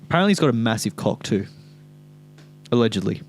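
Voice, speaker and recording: A man's voice: on the low side, sing-song, quick pace, faint music behind. A young Australian man co-hosting a podcast in casual chat, laconic, with dry humor and many mumbled agreements. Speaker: podcast co-host.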